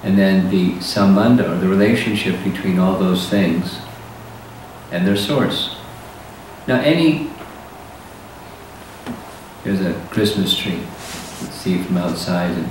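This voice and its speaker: A man giving a slow, deliberate scripture lecture as a spiritual teacher, pausing often to let points sink in. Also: sits low. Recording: very echoey hall, voice from far off, faint hiss.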